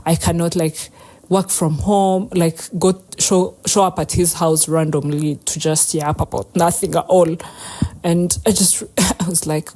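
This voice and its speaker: A woman's voice: fairly low pitch, fairly even intonation, a little slow, dark tone. A young adult woman hosting a podcast, telling a personal story in a rambling, chatty way, laughing often and swearing casually. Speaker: podcast host.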